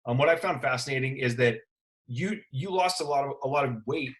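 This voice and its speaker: Man hosting a podcast, medium pitch. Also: brisk. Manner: loose, searching phrasing while framing questions. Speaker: podcast host. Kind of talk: casual interview chat.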